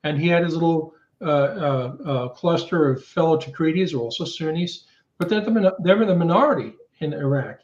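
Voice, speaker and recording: A man's voice: a little high, lively intonation, brisk, darkish tone. Analytical man on roomy, dull audio. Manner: analytical, laying out causes step by step. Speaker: guest, intelligence studies professor. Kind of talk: casual chat, explaining.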